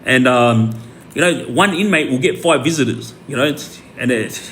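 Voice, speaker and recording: A man's voice: mid-range voice, lively intonation, moderate pace, a bit bright, slight background noise. An Australian man talking casually to followers on a livestream, rambling with many fillers and repeated words. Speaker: livestream host.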